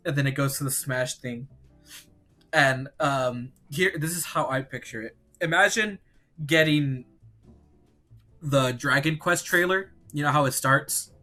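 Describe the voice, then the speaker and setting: A young man chatting casually as a podcast co-host, excitedly acting out scenes with loud voices and swearing. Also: medium pitch, unhurried, soft background music. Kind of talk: casual chat.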